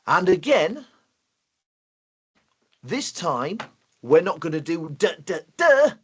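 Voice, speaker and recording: A man with a Yorkshire accent presenting a playful, excitable live online lesson for primary school children. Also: fairly high pitch, slow pace, husky.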